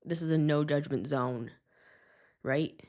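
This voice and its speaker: A woman hosting her own show, giving a casual tarot reading to camera in a chatty, excitable, slangy way with frequent laughs. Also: low-pitched, takes it slowly. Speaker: tarot reader and show host.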